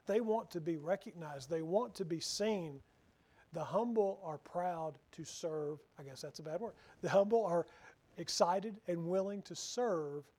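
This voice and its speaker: A man preaching a sermon, reading scripture slowly and acting out the voices of the people he quotes. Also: high voice, dark tone.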